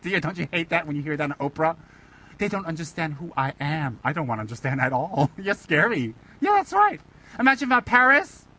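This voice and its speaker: High, bright-voiced playful Buddhist teacher. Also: male voice, very animated, fast, slightly rough, rough recording. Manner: playful, teasing, rhetorical questions. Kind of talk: Dharma talk.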